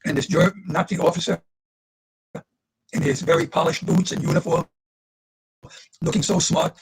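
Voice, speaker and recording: Older man with a gravelly husky voice. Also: a little high, normal speed, rough recording. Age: 80s. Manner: earnest, addresses listeners directly. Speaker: Holocaust survivor speaking to students. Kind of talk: livestreamed talk. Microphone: video call.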